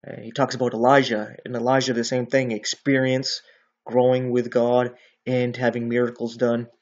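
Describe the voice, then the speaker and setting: A man talks through a Bible passage in a loose, conversational way, now and then checking in with his listener. His voice sits at an ordinary middle pitch. The recording sounds a little dull and lo-fi. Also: monotone, moderate pace, a little mellow. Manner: conversational, often ends with "right?". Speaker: bible teacher. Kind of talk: casual bible teaching.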